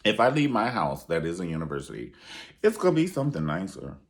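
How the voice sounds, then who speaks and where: A man giving a sassy, profane reality TV review, acting out quotes in high voices. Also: wildly swooping pitch, fast talker. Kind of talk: animated casual commentary.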